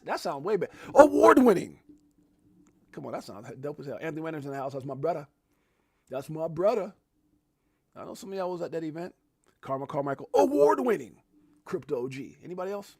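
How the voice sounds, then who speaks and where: Stream host, male, lively pitch swings, dry close mic, hype shout-outs, slightly scratchy throat. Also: no room sound. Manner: hyped, swinging between low mumbles and loud shouted catchphrases. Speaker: crypto livestream host. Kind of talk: casual livestream chat with viewer shout-outs.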